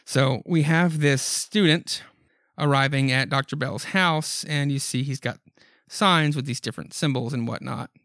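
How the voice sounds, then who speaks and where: A podcast host casually recaps a horror comic book, rambling with frequent ums and offhand asides. His mid-range voice has a fairly bright tone and a measured pace, recorded in studio quality with no echo.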